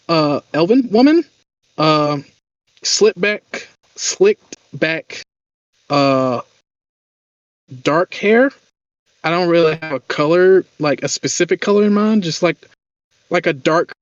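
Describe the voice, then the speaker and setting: A man's voice: on the high side, no room sound. A man narrating as game master, rambling with lots of filler words. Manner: rambling, full of "you know" fillers. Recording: dull lo-fi audio.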